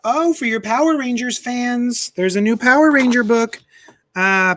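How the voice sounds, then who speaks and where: A man hosting a live comic unboxing stream, chatty and animated, with playful self-mocking asides, talking into a desk microphone. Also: sits high, no room sound, studio quality. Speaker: comic shop host.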